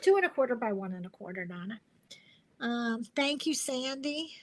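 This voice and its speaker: A woman's voice: a little high, animated, moderate pace, dry recording, rough recording. A middle-aged woman hosting a crafting live stream, chatting casually and rambling through a story. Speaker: crafting show host.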